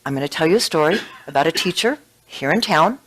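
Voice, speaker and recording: A woman's voice: deep voice, lively intonation, quick pace, breathy edge. A woman voicing an earnest young male executive who gushes heartfelt thanks while she tells a story in a sermon. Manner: heartfelt, gushing praise.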